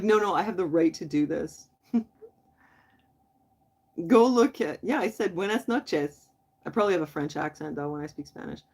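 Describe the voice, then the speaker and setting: A mid-range, darkish-toned woman's voice hosts a casual late-night livestream. Loose and friendly, she chats directly with viewers in the chat and laughs readily.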